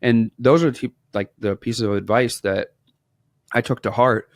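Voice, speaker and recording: Man in his thirties from Wisconsin, podcast guest; gravelly, dry close sound, lively storyteller who plays out the dialogue. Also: medium pitch, unhurried, no room sound. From Wisconsin, USA. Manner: animated storyteller, acts out quoted dialogue. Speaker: podcast guest, asphalt business owner. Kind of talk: casual interview storytelling.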